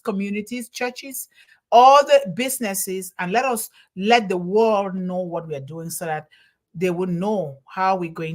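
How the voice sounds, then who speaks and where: A woman who is not a native English speaker hosts a live online show from home. She thanks viewers one by one by name and reads their comments aloud. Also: mid-range voice. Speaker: host. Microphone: home livestream over internet.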